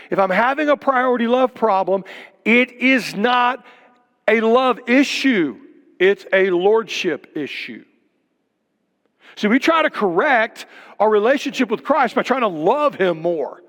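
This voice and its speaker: Emphatic older preacher, high voice in a hall. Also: male voice. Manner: emphatic preaching with rhetorical questions and sudden drops to a hush. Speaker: pastor. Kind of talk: sermon.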